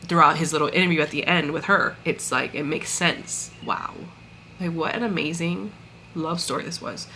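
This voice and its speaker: A woman's voice: lowish voice, pushed and bright, a little hiss or hum. A woman chatting casually about a story she loved, gushing and acting out bits of dialogue with lots of fillers. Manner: gushing, chatty, full of fillers and acted-out quotes. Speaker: book reviewer. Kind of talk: casual chat recapping a story.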